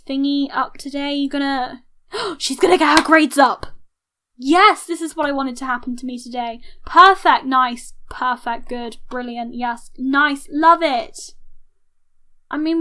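A young woman giving chatty let's-play commentary, reacting loudly to her game with gasps and laughs. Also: high voice. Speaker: gaming YouTuber.

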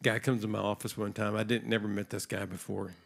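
Talking fast in a lowish, level voice with vocal fry, a guest preacher addresses a congregation from the church stage. His sermon is conversational, and he performs the voices in the story he tells.

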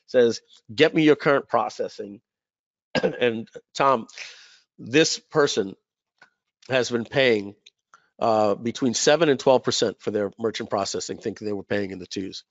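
A man's voice: mid-range voice, no room sound. Rambling man hosting a webinar. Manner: rambling, many fillers and repeats. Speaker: webinar host. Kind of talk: casual sales storytelling. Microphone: webinar call mic. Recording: slightly dull lo-fi audio.

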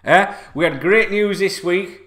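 A man vlogging as a football fan, rambling and swearing a lot, repeating himself and bursting into shouts, sitting at home. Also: high voice, unhurried. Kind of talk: excited unscripted video rant. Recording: echoey room.

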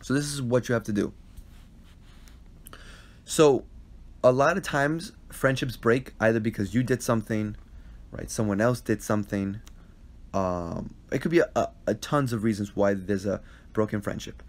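A man's voice: lowish voice, moderate pace, long pauses. Earnest man giving advice on a phone stream. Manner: earnest and repetitive, checks in with "right?". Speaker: advice host answering viewer questions. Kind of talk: casual live-stream Q&A. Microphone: phone live stream.

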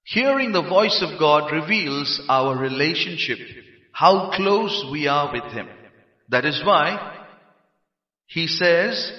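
A man from India preaching a sermon, emphatic and rising to shouts on key phrases. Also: fairly high pitch, animated, slow pace. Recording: roomy hall, dull lo-fi sound.

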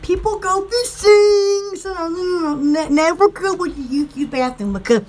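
A woman's voice: extremely high pitch, a little slow, darkish tone, a little hiss or hum. A woman with a Southern US accent, from Alabama, chatting on a live stream to sell from her shop, giggly and rambling. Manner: giggly, rambling, easily distracted. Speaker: online shop seller. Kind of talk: casual live-stream chat.

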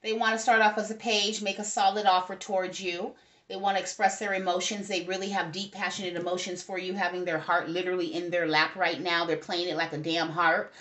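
A woman's voice: on the low side, level tone, a little fast, a bit bright. A woman giving a casual tarot reading to her viewers, chatty and asking "okay?" over and over. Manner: chatty, talks to spirits and viewers, frequent "okay?". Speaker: tarot reader.

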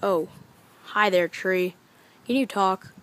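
A woman's voice: mid-range voice, slow. Rambling, silly woman narrating a homemade skit. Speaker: amateur filmmaker narrating his own skit. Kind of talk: goofy homemade comedy narration.

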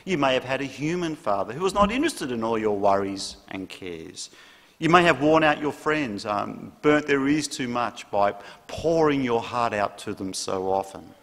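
Earnest male preacher, mid-pitched, measured delivery, reverberant church. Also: animated, a bit bright. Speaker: pastor. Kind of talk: sermon.

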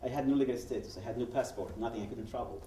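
Guy in his 40s, talking to a crowd, dark mellow voice, acts out the dialogue, mic far off in an echoey hall. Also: medium pitch, rapid-fire, slight background noise. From Yemen. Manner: animated, acts out quoted dialogue, frequent restarts. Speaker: guest speaker at a public event. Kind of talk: personal testimony told as a story. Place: event hall.

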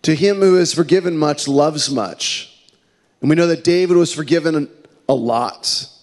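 A male pastor preaching a sermon in a relaxed, storytelling way, with frequent fillers. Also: on the high side, moderate pace.

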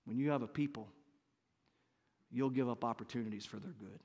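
A man in his fifties preaching a sermon as pastor, earnest and building to loud, emphatic bursts. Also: medium pitch, brisk, slightly rough, muffled recording. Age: 50s.

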